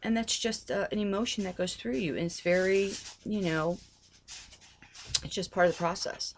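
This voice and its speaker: A woman's voice: mid-range voice, moderate pace, slight background noise. A middle-aged woman giving a heartfelt, earnest talk on faith, often repeating herself as she pleads with listeners. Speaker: religious vlogger.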